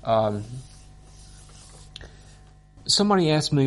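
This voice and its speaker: Earnest male Bible teacher, unhurried and gravelly, emotional about the text. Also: mid-range voice. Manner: earnest, slow and deliberate, moved to emotion.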